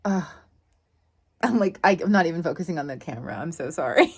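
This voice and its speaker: A woman hosting a casual vlog outdoors in a marshy refuge, talking into a handheld camera with giggly, gushing excitement. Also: fairly low pitch, moderate pace, pauses often, husky. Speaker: vlog host. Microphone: handheld camera at arm's length.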